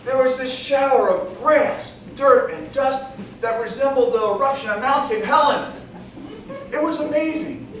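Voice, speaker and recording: A man giving a humorous competition speech, telling a story with animated comic timing, recorded from a distance in a large hall with the audience laughing. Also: extremely high pitch, unhurried. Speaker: contest speaker. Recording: echoey hall from far off, with room noise.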